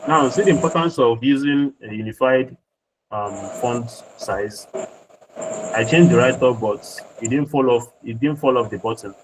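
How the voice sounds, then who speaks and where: Guy walking students through a design tool step by step, patient, repeats himself, mid pitch, hiss and room noise behind. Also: moderate pace. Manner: patient, repeats himself while working on screen. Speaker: design tutor. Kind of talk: screen-share tutorial walkthrough.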